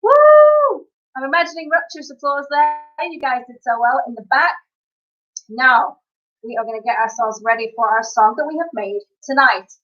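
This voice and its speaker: A woman chatting to her live-stream viewers. Her voice is high and bright, and she talks in an upbeat way with quick asides. The stream audio is dull and lo-fi. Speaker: live-stream singer and entertainer. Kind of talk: casual live-stream chat.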